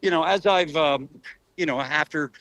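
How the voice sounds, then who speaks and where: A middle-aged man, an actor guest in a casual interview, telling animated stories, laughing often and acting out voices. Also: fairly high pitch, moderate pace, no echo.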